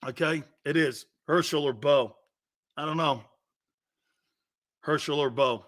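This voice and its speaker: A middle-aged sports radio host with a slightly high, somewhat bright voice speaks at a measured pace. He chats casually, often laughs mid-sentence, and fires questions at his crew.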